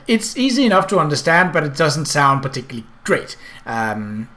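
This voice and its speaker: A man's voice: on the high side, a bit bright. A man from Denmark, a native Danish speaker with a Danish accent, rambling through casual game commentary with many fillers.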